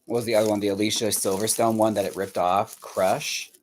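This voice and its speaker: A man with a lowish, level voice talks briskly over a faint hiss or hum while painting dolls on a livestream. Chatting casually with his viewers, he's profane and laughs often, rambling as he searches his memory out loud.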